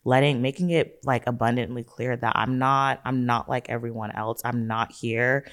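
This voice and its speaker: A man's voice: medium pitch, fairly even intonation, normal speed, fairly bright tone. A man co-hosting a faith chat who tells his story earnestly, in long runs. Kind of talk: casual faith testimony.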